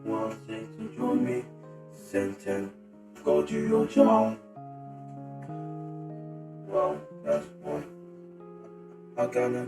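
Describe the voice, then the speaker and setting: A performer voicing a character with halting, broken phrasing in an amateur fan drama. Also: mid-range voice. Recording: echoey with loud guitar music.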